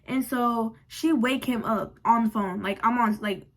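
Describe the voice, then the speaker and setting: Young woman spilling a storytime, slangy and frank, kinda high voice. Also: a little slow. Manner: animated, slangy, frank and profane. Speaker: vlogger. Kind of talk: casual storytime vlog.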